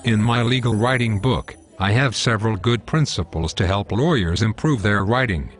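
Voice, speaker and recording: A man's voice: lowish voice, lively intonation, moderate pace, soft background music, natural voice. A male computer voice playing a legal writing coach who corrects plainly and matter-of-factly.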